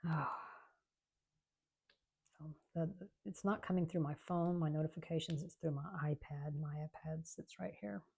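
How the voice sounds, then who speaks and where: A woman, chatting casually and rambling softly as she works on a craft at home. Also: low-pitched, steady tone, normal speed, vocal fry, slightly rough. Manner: chatty, rambling, soft-spoken. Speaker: craft channel host. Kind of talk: casual chat while crafting.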